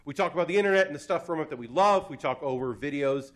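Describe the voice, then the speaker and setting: A fairly high-voiced man hosts a live comedy panel at a convention. He talks in an animated, laughing, self-deprecating way into a stage mic. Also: fast talker. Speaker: host. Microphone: handheld or stand mic.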